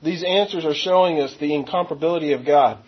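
A man with a high, husky voice preaches a verse-by-verse sermon, slowing down to read scripture aloud. The recording sounds dull and lo-fi. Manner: teaching verse by verse, stressing key words. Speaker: pastor.

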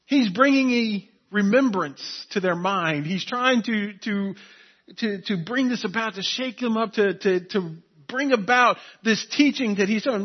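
A man with a high voice preaches to his congregation, earnest and insistent, circling back to the same phrases to drive them home. The recording sounds dull and lo-fi. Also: unhurried, breathy edge. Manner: earnest, repeats key phrases for emphasis. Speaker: pastor. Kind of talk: sermon.

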